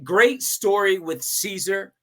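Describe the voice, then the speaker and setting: A man hosting a comedy interview show, chatting casually and telling an animated anecdote with laughs. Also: high voice, slow pace.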